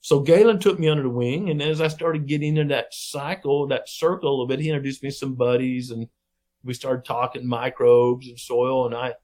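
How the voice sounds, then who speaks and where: A man's voice: mid-range voice, fairly quick. Folksy middle-aged man telling stories. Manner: folksy, animated storyteller who acts out quoted people. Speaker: podcast guest, wildlife researcher. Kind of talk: casual storytelling interview.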